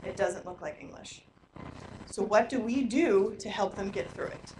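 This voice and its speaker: A woman leading a teacher workshop, lively and quizzing the audience with questions in a large room. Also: medium pitch, normal speed. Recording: echoey room, noisy live recording.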